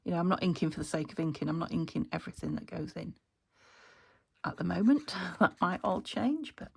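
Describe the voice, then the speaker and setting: Gravelly low-voiced British woman, musing softly. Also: animated, fairly quick. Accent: British English. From United Kingdom. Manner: muses aloud while working, often trailing into soft half-whispers. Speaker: craft channel host. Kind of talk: casual crafting commentary.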